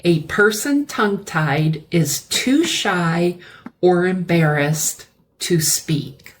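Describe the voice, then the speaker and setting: A woman teaching English vocabulary, explaining words slowly and repeating key terms. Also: fairly low pitch, a little hiss or hum. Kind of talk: slow classroom-style vocabulary lesson.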